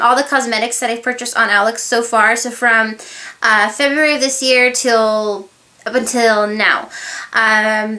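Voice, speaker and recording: A woman chatting her way through a beauty haul review, rambling from point to point with plenty of asides. Her voice sits a little high and sounds bright and forward. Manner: rambling, chatty, full of filler words and asides. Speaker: beauty vlogger. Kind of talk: casual haul review chat.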